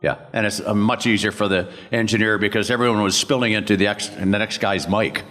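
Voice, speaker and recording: A man's voice: on the low side, steady tone, brisk, fairly bright tone. Older man telling rambling anecdotes in a hall. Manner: rambling anecdotal, acts out others' lines and laughs. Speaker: voice actor, convention panel guest. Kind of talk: convention panel storytelling. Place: convention panel room. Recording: long echo of a convention hall.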